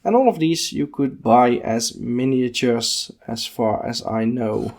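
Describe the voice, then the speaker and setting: A man's voice: medium pitch, darkish tone. A man hosting a podcast, casually walking through a book page by page and thinking aloud. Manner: unhurried, musing, thinking aloud with fillers. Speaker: podcast host.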